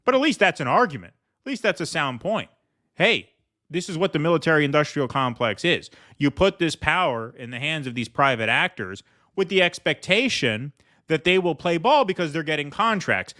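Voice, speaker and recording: A man's voice: fairly high pitch, expressive, normal speed, sharp tone. A man hosting a political commentary show, talking sarcastically and mockingly as he reacts to news clips.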